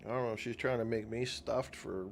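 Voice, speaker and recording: A man's voice: mid-range voice, steady tone, brisk, gravelly, a little hiss or hum. A middle-aged man giving casual commentary while playing a video game, chatty and talking to himself as he goes. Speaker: gaming channel host.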